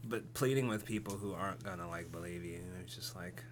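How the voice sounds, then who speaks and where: A man's voice: sits low, slight background noise. A man from upstate New York co-hosting a podcast, rambling through stories with lots of restarts. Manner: rambling, halting restarts, self-deprecating. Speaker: podcast co-host. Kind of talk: casual chat.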